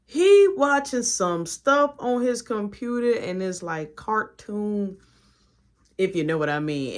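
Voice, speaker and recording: A young adult woman telling a personal story in a casual storytime vlog, swinging between dramatic loud moments and hushed asides. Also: lowish voice.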